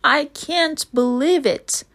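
A woman's voice: sits high, very animated, slow, pitched above the performer's own voice, full character voice. A woman voicing an easily amazed young boy in a storybook reading.

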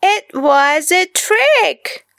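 A frightened little boy from a storybook, put on by a woman reading aloud, shrieking and sobbing in a very high, piercing voice that swoops wildly. The sound is dry and close. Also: lively intonation, extremely slow, vocal fry, dry recording, full character voice. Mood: gleeful. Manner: shrill yelling and sobbing.

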